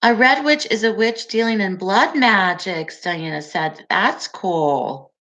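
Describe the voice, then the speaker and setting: A woman's voice: medium pitch, slow pace, fairly bright tone. A woman in her forties hosting a casual livestream, chatting and reading viewer comments aloud with frequent laughter. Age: 40s. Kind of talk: casual live-stream chat.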